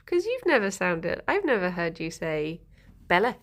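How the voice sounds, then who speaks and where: A young woman streamer chats and giggles with her viewers in an unhurried way. Her voice has a gravelly, fry-tinged edge. She answers comments one after another. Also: mid-range voice, very animated. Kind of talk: casual live-stream chat.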